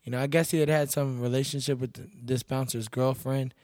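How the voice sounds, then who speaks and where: A young man from Texas trades stories in a relaxed podcast interview, blunt and unbothered, cursing as he goes. His voice sits at an ordinary middle pitch. It is captured dry and close on a studio mic. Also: a little fast, no room sound. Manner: laid-back, blunt, swears freely. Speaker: podcast guest, bouncer and MMA fighter. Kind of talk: casual storytelling chat.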